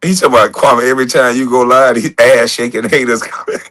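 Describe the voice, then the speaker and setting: This livestream host speaks briskly in a medium, slightly bright voice. His talk is casual and profane, full of jokes and laughter.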